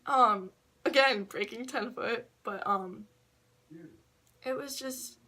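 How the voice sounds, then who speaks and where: Woman vlogger at home, high bright voice, chatty slangy storytelling with frequent swearing and laughter. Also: slow pace, pauses often. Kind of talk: casual storytelling.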